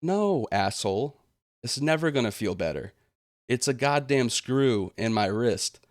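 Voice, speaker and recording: A man's voice: mid-range voice, expressive, unhurried, no echo, clean studio sound. A young man venting in a vlog monologue, aggrieved and indignant, slipping into sarcastic mocking quotes. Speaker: gaming channel host.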